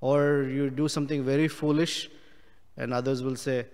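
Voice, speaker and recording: A man giving a scripture class, explaining Sanskrit words slowly with many pauses. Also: medium pitch, little pitch movement, a little mellow, smooth, in a large hall. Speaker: class speaker.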